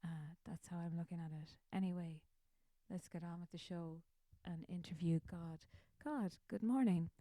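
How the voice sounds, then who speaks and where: Rambling, warm-voiced Irish woman host. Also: lowish voice, little pitch movement, normal speed, no room sound. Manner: rambling, chatty, self-mocking. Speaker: musician hosting her own show. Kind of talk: casual chat.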